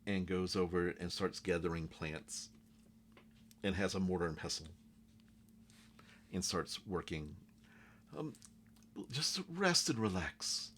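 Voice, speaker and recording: Slow, deep-voiced game master. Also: male voice, fairly even intonation, slight background noise. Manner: loose, halting narration with fillers. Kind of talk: narrating a tabletop game.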